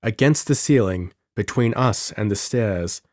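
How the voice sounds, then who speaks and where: Male narrator, low-pitched voice, measured dramatic storytelling, audiobook reading. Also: a little mellow, no room sound, studio quality. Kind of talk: scripted narration of a pulp adventure story.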